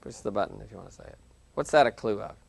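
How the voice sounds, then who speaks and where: A man lecturing a university class in a conversational, animated way, acting out quoted reactions. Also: on the low side, very fast, vocal fry, husky, no room sound. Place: lecture hall, televised class.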